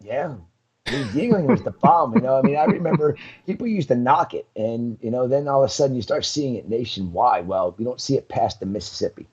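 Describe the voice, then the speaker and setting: Husky-voiced man, lively chatty storytelling. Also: medium pitch, fairly quick, hardly any pauses. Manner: loose, chatty storytelling with fillers. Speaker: guest, coral business owner. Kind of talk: casual chat. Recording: muffled lo-fi audio.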